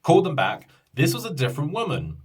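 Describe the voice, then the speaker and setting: Exasperated man ranting, husky voice. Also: a little high, huge pitch swings, quick pace, recorded from a distance. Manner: exasperated, swearing, many restarts and quoted voices. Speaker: YouTuber telling a story. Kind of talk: casual storytime rant.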